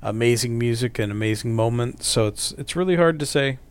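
A man's voice: mid-range voice, a little fast, clean tone. A man co-hosting a podcast in casual chat, easygoing and brief in his replies. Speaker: podcast co-host.

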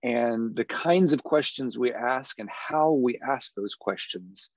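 A podcast guest who works as an education consultant explains things earnestly in a conversational interview, even demonstrating different tones of voice. He speaks slowly at a medium pitch, and the audio is dry and dull.

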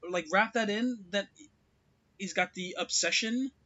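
A man co-hosting a podcast, talking in an excitable, casual way with lots of filler words. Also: high-pitched, a little slow, highs cut off. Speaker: podcast co-host. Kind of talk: casual chat.

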